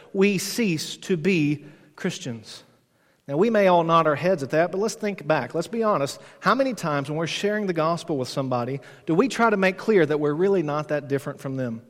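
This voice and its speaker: Man preaching in an echoing church. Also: on the high side. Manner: emphatic preaching that slows on key lines. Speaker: pastor. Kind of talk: expository sermon. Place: church sanctuary. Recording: long reverb from a church hall.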